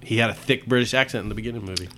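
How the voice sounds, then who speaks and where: A man's voice: lowish voice, rapid-fire, fairly bright tone. A man co-hosting a casual chat, joking and playful in his banter.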